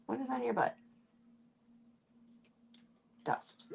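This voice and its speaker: A woman streaming casually from home, chatting with viewers and talking softly to her cats. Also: a little high, drawn-out words, gravelly, breathy edge. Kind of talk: casual live-stream chat.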